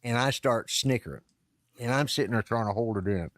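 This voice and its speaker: A man's voice: mid-range voice, a little fast, no room sound, clean studio sound. A middle-aged or older man, co-hosting a podcast, telling a long rambling story in a casual way, stopping and restarting as he goes. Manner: rambling, self-interrupting storyteller. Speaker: podcast co-host. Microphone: live-stream call setup.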